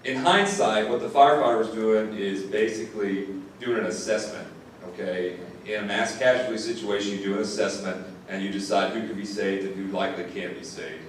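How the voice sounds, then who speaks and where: A man who is a sheriff's deputy, telling an audience a first-person story in an earnest way, often repeating words when moved. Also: fairly low pitch. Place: classroom or lecture hall. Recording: distant mic in an echoey room, faint noise.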